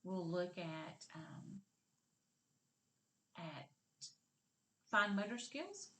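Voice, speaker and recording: A woman's voice: on the low side, animated, drawn-out words, sharp tone. A woman teaching a kindergarten literacy lesson. She talks patiently and encouragingly and stretches out the sounds and words she models. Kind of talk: slow, clearly modeled lesson for young children.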